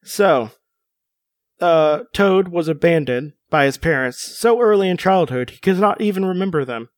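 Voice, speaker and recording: A man's voice: fairly high pitch, animated, normal speed, no room sound, studio quality. A man co-hosting a casual podcast chat, reading out a character profile with joking asides. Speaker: podcast co-host.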